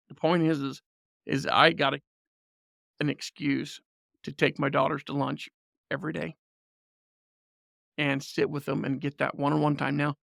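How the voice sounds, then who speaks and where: A man telling a lively family story as a podcast guest, often laughing and acting out what people said. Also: fairly high pitch, vocal fry, no echo, clean studio sound. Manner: animated storyteller, laughs often, acts out quotes. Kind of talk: casual storytelling.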